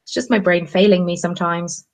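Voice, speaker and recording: Chatty woman with a gravelly edge. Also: lowish voice, a little fast. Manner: chatty, bubbly, excitable. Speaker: craft channel host. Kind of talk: casual live-stream chat.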